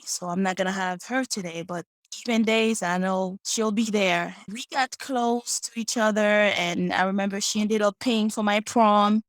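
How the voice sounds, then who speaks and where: A woman in her late twenties telling personal stories as a podcast guest, soft-spoken, reflective and earnest. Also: mid-range voice, no room sound. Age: 20s. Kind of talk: personal storytelling.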